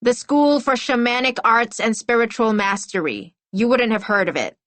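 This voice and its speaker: A woman's voice: a little high, lively intonation, moderate pace, fairly bright tone, dry recording, pitched above the performer's own voice. A woman voicing a haughty young girl apprentice who sounds bored and talks like an adult, in an audiobook. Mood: bored, superior. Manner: bored, superior, grown-up airs.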